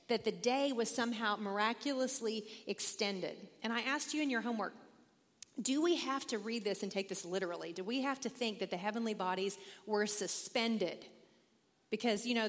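A middle-aged woman teaching a Bible study lesson, reading scripture aloud and telling lively stories with questions to the class. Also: medium pitch. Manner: animated storytelling, reads scripture aloud, asks the class questions. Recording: echoey hall with long reverb.

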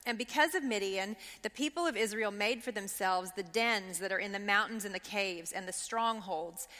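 A woman's voice: medium pitch, a bit bright, long reverb tail. A woman leading a Bible study, reading scripture aloud and then explaining it with rhetorical questions to her listeners. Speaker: Bible teacher.

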